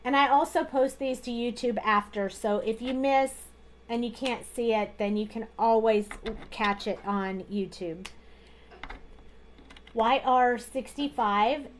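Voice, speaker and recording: A woman's voice: a little high, unhurried, a little hiss or hum. A woman hosting a live card-making tutorial, chatting casually as she talks through each coloring step at her craft desk.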